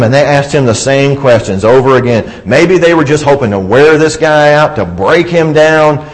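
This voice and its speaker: A man preaching a sermon, speaking with passion, rising to emphatic peaks and dropping to soft asides as he reads scripture aloud. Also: medium pitch, low-quality recording.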